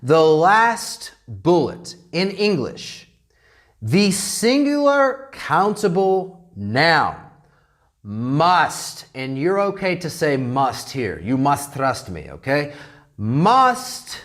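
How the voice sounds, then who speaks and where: An American man teaching English grammar in a classroom lecture, animated and checking in constantly with "okay?". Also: fairly high pitch, extremely slow. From United States.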